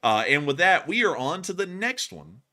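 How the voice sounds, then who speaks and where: A man's voice: high-pitched, big pitch swings, normal speed, pushed and bright. A young man co-hosting a live stream, answering a viewer in a rambling way with many fillers and restarts. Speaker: co-host.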